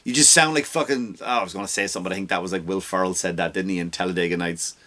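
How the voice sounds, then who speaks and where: A man's voice: deep voice, racing, sharp tone. An Irish man hosting a comedy podcast, delivering a heated, profane rant. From Ireland.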